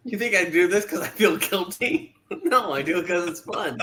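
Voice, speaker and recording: A man's voice: sits high, animated, normal speed, sharp tone, slight background noise. A man hosting a casual comic reading chat, laughing often between jokes. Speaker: host.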